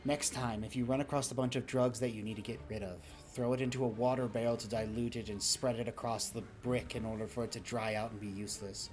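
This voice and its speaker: A man voicing a stern female dragon leader who scolds and reproaches a group, his voice pitched up for her. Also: fairly even intonation, fast, hardly any pauses, darkish tone, faint music behind, lightly acted. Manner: reproachful, raises voice in outrage.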